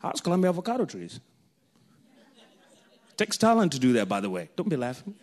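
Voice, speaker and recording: A man from Kenya, preaching a sermon through animated, jokey personal stories. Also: a little high, a little fast. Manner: animated, jokey storytelling, laughs often.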